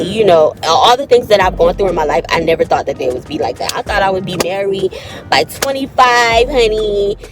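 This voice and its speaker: A woman in her thirties talks in a low voice, slightly under the weather with a cold. She chats casually and directly to her viewers, calling them y'all and honey. Faint music plays underneath. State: has a cold. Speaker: vlogger. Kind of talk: casual storytime chat.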